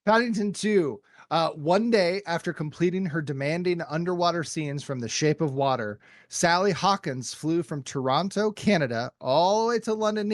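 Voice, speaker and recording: A jokey male podcast host reads out trivia and runs the panel. His voice sits a bit high and swings animatedly. The sound is dry and close. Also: no echo. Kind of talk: casual panel chat, reading trivia.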